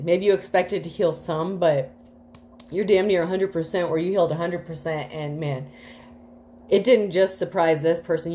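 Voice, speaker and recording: A woman's voice: low voice, warm tone, a little hiss or hum. A woman giving a casual tarot reading to the collective, rambling with many fillers, swearing freely and getting emotional. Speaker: tarot reader.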